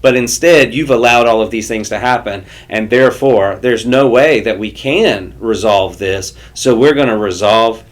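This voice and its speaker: A man's voice: mid-range voice, moderate pace, hardly any pauses. A man co-hosting a casual history podcast, chatty and playful, thinking aloud as he talks. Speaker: podcast co-host.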